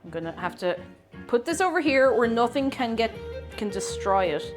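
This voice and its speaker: A young woman with an Irish accent talks to her stream viewers from a home kitchen in a high, light voice. Her chat is loose and rambling, full of side comments and restarts. Soft music plays faintly in the background. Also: very animated, moderate pace. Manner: chatty, rambling with asides and self-corrections. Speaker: streamer baking live. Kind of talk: casual chat reading out viewer messages.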